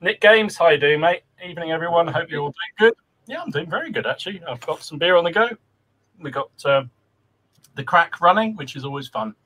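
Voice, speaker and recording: A cheery man hosting a casual live podcast, greeting viewers and reading out their comments. His voice is bright and sits fairly high. The talk is loose and chatty. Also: animated, fairly quick. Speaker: podcast host. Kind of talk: casual livestream chat.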